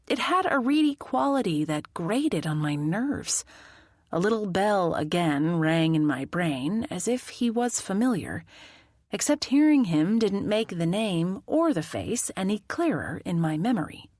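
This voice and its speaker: Expressive woman audiobook narrator. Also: mid-range voice, a little slow, dry recording, studio quality. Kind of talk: first-person audiobook narration.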